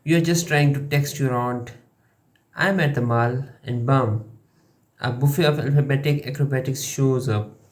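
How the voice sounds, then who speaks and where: A young man from Pakistan, a language learning YouTuber, giving a jokey, unhurried explainer with pauses between phrases. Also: medium pitch. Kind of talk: playful explainer monologue.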